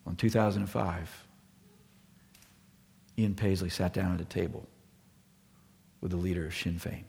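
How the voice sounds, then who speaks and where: Middle-aged male pastor, sermon delivery, gravelly husky tone, earnest with hushed solemn drops. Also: low-pitched, steady tone, moderate pace, long reverb tail.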